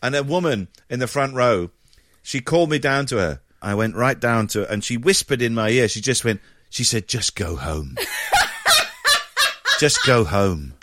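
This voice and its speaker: Lively comedian telling stories. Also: male voice, medium pitch, measured pace, slight background noise. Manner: lively storyteller, acts out voices. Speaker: comedian guest. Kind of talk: anecdotal interview chat.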